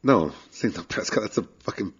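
A man with a very deep, husky voice co-hosts a casual podcast, full of slang and swearing as he teases his partner. The audio is dull and lo-fi. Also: lively intonation, brisk. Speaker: podcast co-host. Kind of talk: casual chat. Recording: dull lo-fi sound.

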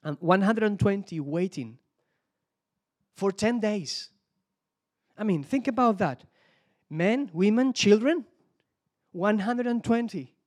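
High-voiced Spanish-accented male preacher. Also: animated, slow pace, long pauses, a little mellow. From Spain. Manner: searches for English words, repeats words, asks the audience for help. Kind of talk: sermon.

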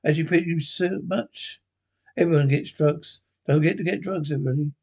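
A laid-back hippie cult leader in an adult cartoon, with a gravelly, fried edge on a voice pitched a little above the usual male range. He drawls easily and tosses "man" into his sentences. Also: moderate pace. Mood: easygoing. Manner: drawling, mellow, calls everyone "man". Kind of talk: animated series voice acting.

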